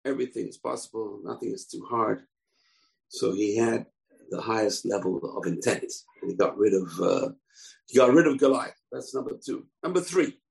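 A man's voice: on the low side, lively intonation, normal speed, creaky, darkish tone, rough recording. A man giving an informal bible lesson, telling the story conversationally with asides. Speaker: bible teacher.

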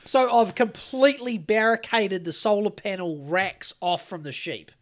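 A man's voice: sits high, expressive, normal speed. An Australian man co-hosting a podcast, telling a long story in a rambling, sweary way with lots of restarts. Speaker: podcast co-host. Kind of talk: casual chat.

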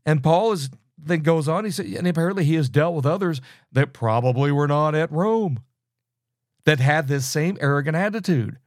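A man's voice: fairly high pitch, moderate pace, dry recording, clean studio sound. A middle-aged man teaching a sermon, earnest and scolding, often restarting his sentences. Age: middle-aged or older. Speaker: preacher.

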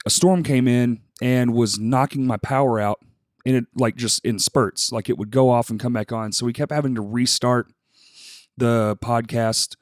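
A man's voice: mid-range voice, no echo, clean studio sound. Profane, laid-back male podcast host. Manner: loose, profane, self-deprecating banter. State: throat-clearing. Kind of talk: casual podcast intro and sponsor read.

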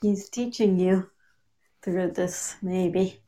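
Slow-talking, giggly woman podcaster. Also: fairly low pitch, fairly even intonation, warm tone. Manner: giggly, unhurried talk with frequent laughs. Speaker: podcast co-host. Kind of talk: casual chat.

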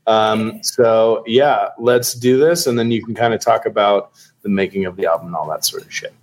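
A man's voice: on the low side, normal speed. Casual man introducing a song. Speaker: podcast host. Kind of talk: casual podcast chat.

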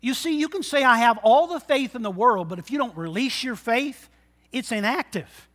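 A man preaching a sermon, moving from quiet, intimate talk to loud exhortation and acting out the voices of people in his stories. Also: very high voice, lively intonation, moderate pace. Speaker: pastor.

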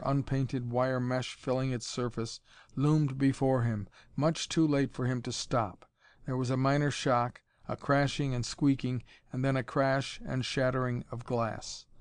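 A man narrating an audiobook in an even, measured reading voice. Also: mid-range voice, no room sound, studio quality. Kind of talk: scripted narration.

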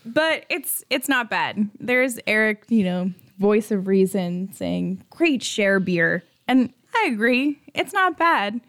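A woman's voice: medium pitch, animated, takes it slowly, few pauses, a bit bright. A woman chatting playfully on a beer podcast, quoting movies as she talks. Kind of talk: casual chat.

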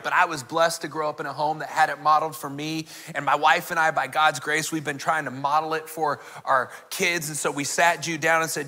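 A man's voice: a little high, pushed and bright. A man in his forties, a pastor, preaching a sermon with a personal family story, acting out the dialogue and speaking straight to the congregation. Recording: reverberant hall.

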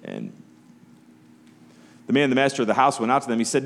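A man's voice: medium pitch, huge pitch swings, a little fast, gravelly, fairly bright tone. A pastor preaching a Sunday sermon in church, conversational, acting out the voices of Bible characters as he tells the story.

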